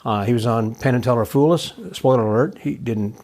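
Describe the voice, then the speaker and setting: This is a man leading a relaxed interview as host, with a mid-pitched, ordinary voice. He pauses often with "uh" and throws in wry little jokes between his points. He sounds unhurried and friendly in a conversational way. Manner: halting, many "uh" fillers, joking asides. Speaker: podcast host and magician. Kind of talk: casual interview.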